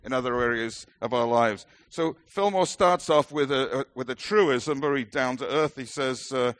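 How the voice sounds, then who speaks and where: A man's voice: mid-range voice, moderate pace, fairly bright tone, no room sound. A middle-aged man with a British accent preaching a sermon as a minister, earnest and emphatic with light self-deprecating humor.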